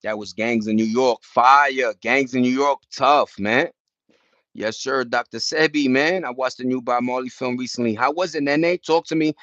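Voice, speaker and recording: A man's voice: mid-range voice, moderate pace, fairly bright tone, no room sound. A young man hosting a casual chat, rambling in slang with many restarts. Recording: dull dry lo-fi sound.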